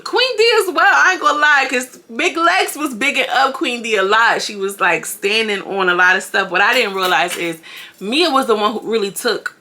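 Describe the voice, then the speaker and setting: A woman giving a chatty, animated recap of a reality show and talking straight to her viewers. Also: fairly high pitch, moderate pace. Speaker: reality TV commentator. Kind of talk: casual recap commentary.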